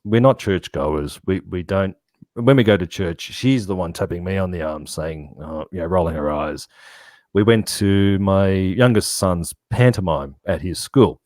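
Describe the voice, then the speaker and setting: A man's voice: sits low, measured pace, darkish tone, no room sound, clean studio sound. A middle-aged Australian man, chatting in a rambling, laid-back way as an interview guest. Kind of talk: casual interview chat.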